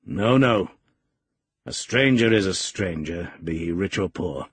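Man doing stern gruff master, lowered voice, very husky. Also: expressive, measured pace, no echo, heavily acted. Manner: stern, clipped.

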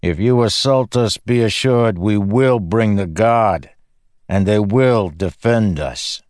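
A man voicing a haughty male den keeper who speaks slowly and officiously in an audiobook. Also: fairly low pitch, darkish tone, no echo, studio quality, pitched above the performer's own voice.

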